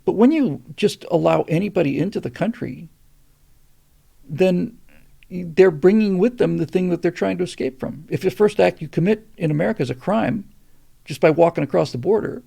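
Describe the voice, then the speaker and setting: A man's voice: normal speed, creaky, mellow. An older man hosting a show, talking casually and earnestly, and getting emphatic when he makes his points. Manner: earnest, builds to emphatic pitch on key points. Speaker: host. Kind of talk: casual monologue answering a question.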